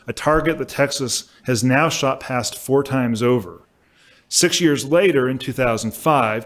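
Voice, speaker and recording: Man, mid-pitched, lecturing from a podium; measured, emphatic, prepared delivery. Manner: measured, emphatic delivery with occasional self-corrections. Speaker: law professor giving a lecture. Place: lecture hall at a symposium.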